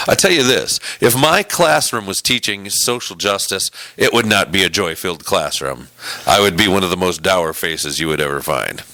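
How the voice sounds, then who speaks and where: A man co-hosting a casual talk show, reading bios aloud with wry, sarcastic asides and frequent throat clearing. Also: deep voice, lively intonation, moderate pace, bright, forceful tone, no room sound. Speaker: co-host. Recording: music playing behind.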